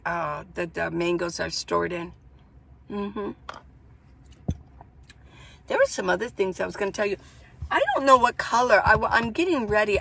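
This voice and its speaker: Chatty woman with a gravelly voice. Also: medium pitch, a bit bright. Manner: rambling, chatty, storytelling. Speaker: van-life vlogger. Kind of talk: casual chat to camera. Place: inside a minivan.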